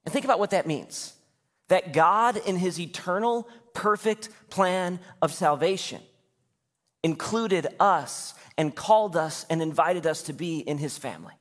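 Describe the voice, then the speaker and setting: A fairly high-voiced man in his thirties preaches in a church, mixing a lively, conversational delivery with casual asides. His voice rings with a long reverb that carries through the hall. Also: unhurried. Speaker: pastor. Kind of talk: sermon. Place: church sanctuary.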